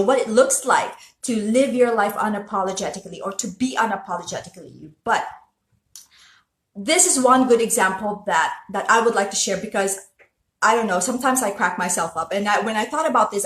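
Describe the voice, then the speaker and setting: A woman from the Philippines speaks with a Filipino accent, her voice sitting a bit high. She talks to her viewers in an earnest, chatty way, often restarting her sentences. The sound carries a noticeable room echo. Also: fairly bright tone. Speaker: host. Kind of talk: casual motivational talk to viewers.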